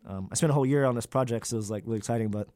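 A man's voice: medium pitch, racing, a little mellow, no echo. A young man, a graduate student, talking candidly in an interview, with many fillers and loose, rambling sentences. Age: young adult.

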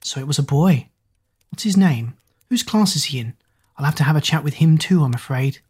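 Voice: medium pitch, lively intonation, a little fast, a little mellow, breathy edge. A reader voicing Miss Watson, a prying, patronising woman teacher. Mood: probing.

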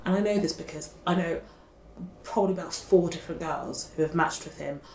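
A woman's voice: on the low side, a little fast, a little mellow. Gushing chatty woman, roomy sound. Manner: gushing, chatty, fillers like "like" and "oh my God". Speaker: podcast co-host. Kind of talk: casual chat. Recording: roomy echo, faint background hiss.

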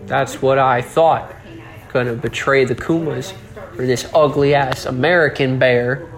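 A man hosting a casual solo podcast, joking around, swearing a lot and breaking into sudden yells. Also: mid-range voice, normal speed. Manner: profane, joking, with sudden yelling outbursts. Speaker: podcast host.

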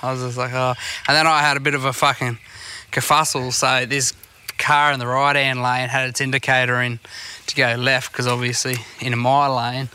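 A man's voice: mid-range voice, flat delivery, normal speed, pushed and bright, clean tone. A man telling sweary, rambling stories in casual chat. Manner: sweary storytelling.

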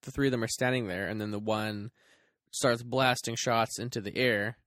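A man's voice: mid-range voice, fairly even intonation, normal speed, fairly bright tone, dry recording, clean studio sound. A man co-hosting a podcast, chatting about a movie with wry, jokey asides. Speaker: podcast co-host. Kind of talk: casual movie review chat.

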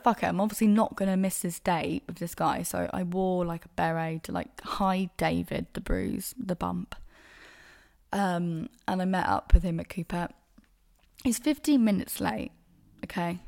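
Woman podcast host, young, low voice with lots of fry, frank and sweary storytelling. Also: darkish tone. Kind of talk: casual solo storytelling.

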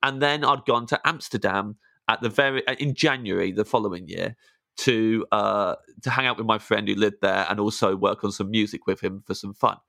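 A man's voice: fairly low pitch, steady tone, normal speed, vocal fry, sharp tone, no echo, studio quality. An English man who is a comedian, telling rambling, self-mocking anecdotes in a casual podcast chat and often stumbling over restarts. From England. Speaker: comedian guest.

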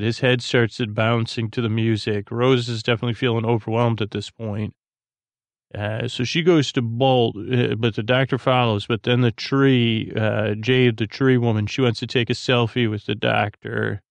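A man's voice: medium pitch, creaky, dry recording. A man hosting a sleep podcast, recapping an episode in a meandering, filler-heavy way. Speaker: podcast host.

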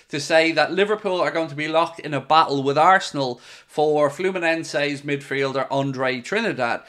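A man's voice: fairly high pitch, a bit bright. A man hosting a casual livestream, talking in a chatty, conversational way with loose restarts. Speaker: podcast host.

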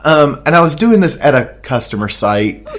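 A man's voice: a little high, big pitch swings, moderate pace, a bit bright, slight background noise. A man with an Australian accent co-hosting a podcast, telling a crude story in a rambling way and laughing at his own jokes. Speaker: podcast co-host. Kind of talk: casual chat. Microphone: desk microphone.

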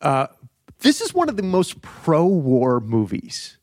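A man's voice: a little high, wildly swooping pitch, slow, darkish tone, dry recording. Dry-voiced rambling male podcast host. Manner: rambling and profane, full of "like". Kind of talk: casual chat.

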